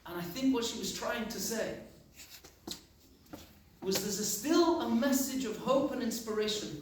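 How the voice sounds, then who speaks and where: A man's voice: high voice, expressive, a little slow, pauses often. A rabbi preaches from a distance, his voice ringing through a very reverberant synagogue. He tells stories with emphatic, reflective pacing. A faint noise sits under the recording. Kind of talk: sermon. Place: large synagogue hall. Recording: echoey synagogue from far off.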